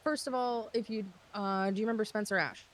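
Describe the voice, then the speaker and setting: A woman at a medium pitch, giving a long, casual recap during a roleplay game. She rambles and restarts her sentences, dropping in swear words and plenty of "uh" and "um". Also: fairly even intonation, brisk, slight background noise.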